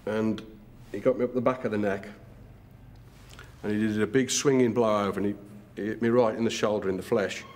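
Blunt low-voiced man. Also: fairly even intonation, brisk, darkish tone. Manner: plain, blunt, casual fillers. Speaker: interviewee recounting a stabbing. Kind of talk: documentary testimony.

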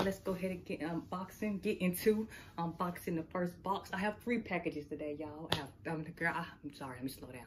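A woman chatting casually to camera while unboxing packages, laughing often. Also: lowish voice. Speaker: unboxing vlogger. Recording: noisy home recording.

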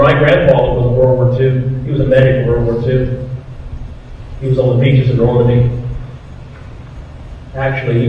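A man's voice: mid-range voice, a little hiss or hum. A middle-aged man with a Southern American accent, telling stories in a folksy, earnest, plain-spoken way to a live audience, recorded in a firehouse. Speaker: retired firefighter speaker. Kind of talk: storytelling talk to a live audience. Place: firehouse hall. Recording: echoey, muffled hall recording from far off.

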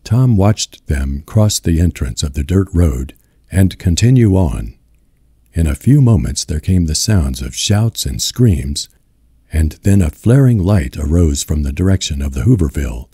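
A man with a deep voice narrating a novel as an audiobook in a slow, measured reading. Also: warm tone, slightly rough, no room sound, clean studio sound. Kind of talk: scripted narration.

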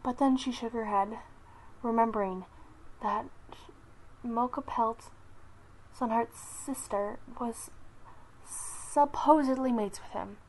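Slow, halting young woman narrating a story. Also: fairly high pitch, rough recording. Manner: slow, halting read with restarts, soft whispery asides.

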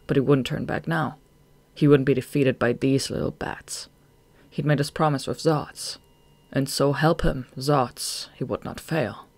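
An audiobook narrator reading a novel chapter in a measured way, slowing down at tense moments. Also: mid-range voice, gravelly, a little mellow, dry recording.

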